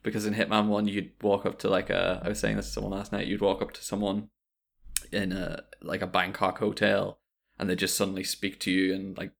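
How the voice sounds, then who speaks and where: A man with a deep, gravelly voice chatting casually about games. He rambles along, restarting sentences and filling pauses as he goes. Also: completely flat delivery. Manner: rambling, many fillers and restarts.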